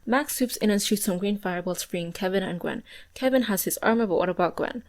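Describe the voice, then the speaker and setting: A woman's voice: mid-range voice, brisk, soft background music. A woman in her twenties giving sarcastic, wry scripted recap commentary on a cartoon. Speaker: video reviewer.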